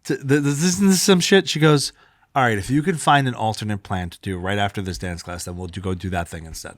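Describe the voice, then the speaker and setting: A man in his thirties tells a story on a podcast, cursing freely and acting out every line of dialogue. His pitch swings high and low as he performs the quotes. The sound is close and dry, with no room around it. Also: a little fast, no echo. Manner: animated, swears freely, acts out quotes. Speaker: podcast co-host. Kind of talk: casual storytelling chat.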